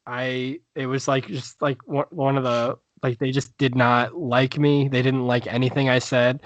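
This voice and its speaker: A man's voice: medium pitch, flat delivery, unhurried, no room sound, highs cut off. A male stand-up comedian telling a story in a casual podcast chat, rambling with many fillers and restarts.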